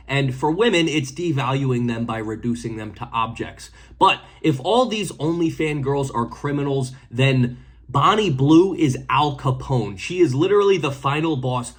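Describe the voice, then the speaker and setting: A man hosting a commentary video, speaking in a blunt, indignant and sarcastic way. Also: mid-range voice. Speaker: host.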